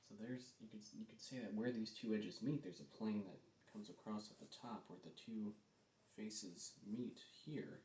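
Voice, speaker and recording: A man teaching a drawing lesson, talking through each step as he draws and often dropping to a soft, low voice. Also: moderate pace. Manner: relaxed, thinking aloud while drawing, often soft and low. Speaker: art teacher. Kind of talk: drawing demonstration. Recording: echoey room, faint background noise.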